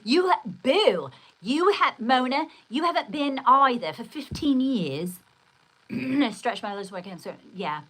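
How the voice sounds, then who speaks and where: A woman's voice: sits high, big pitch swings, slow pace, fairly bright tone, husky, rough recording. Chatty older woman livestreaming. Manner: chatty, rambling, exclamatory, reads viewer comments. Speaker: livestream host. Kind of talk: casual livestream chat.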